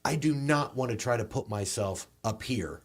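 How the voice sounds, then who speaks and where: A male comedian with a Southern accent telling a story casually, with lively halting restarts. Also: medium pitch. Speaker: comedian and guest.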